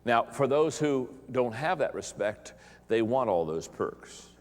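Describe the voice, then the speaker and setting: In a large hall with long reverb, a middle-aged man gives a humorous motivational talk to pastors as a leadership speaker. His mid-range voice has lively intonation and a measured pace as he jokes and playfully acts out other voices for the audience.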